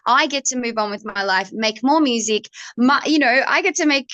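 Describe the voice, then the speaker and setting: A woman's voice: fairly high pitch, moderate pace, dry recording, highs cut off. A young adult woman with an Australian accent, a country-pop singer telling stories in a casual interview and acting out the voices she quotes. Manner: animated storyteller, acts out quoted voices.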